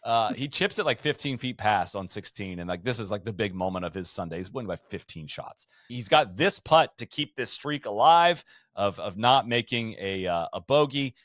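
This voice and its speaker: A man's voice: on the low side, animated, normal speed, few pauses, fairly bright tone, no echo, clean studio sound. A man hosting a podcast, telling golf history in a casual, storytelling way and reading out quotes and stats. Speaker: podcast host.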